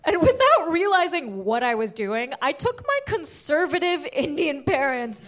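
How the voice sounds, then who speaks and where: A woman doing stand-up, telling stories in an animated way and filling them with "like.". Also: sits high, normal speed. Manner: animated storytelling, lots of "like". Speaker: stand-up comedian. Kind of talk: stand-up set.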